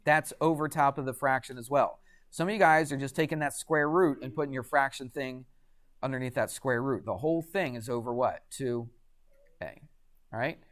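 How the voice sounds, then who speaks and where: A man's voice: medium pitch, normal speed, a bit bright. A man teaching a math class in a classroom, chatty and quizzing students with frequent questions. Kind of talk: classroom lecture.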